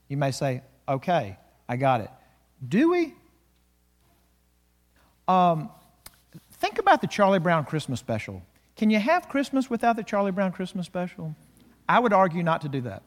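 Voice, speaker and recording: A male pastor preaching a sermon, slowing and swelling on key words. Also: on the high side, big-room sound.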